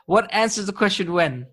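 A man's voice: high voice, a bit bright. A man teaching an Arabic grammar class live online, patient and encouraging, often chuckling.

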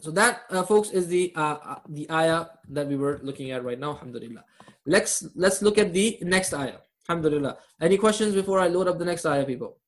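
A man's voice: a little high, expressive, a little fast. Man teaching a live online grammar class. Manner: quizzes students, jokes and laughs at his own jokes.

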